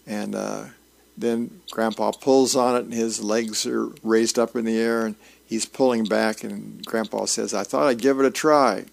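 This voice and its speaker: Gravelly man reading the paper aloud. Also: medium pitch. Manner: unhurried, homey reading with small fillers and restarts. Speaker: volunteer newspaper reader. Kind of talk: reading aloud for a radio reading service.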